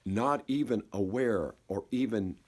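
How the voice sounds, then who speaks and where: A man telling a personal story in a slow, reflective way, halting and repeating words and dropping softer at key moments. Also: fairly low pitch. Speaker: speaker.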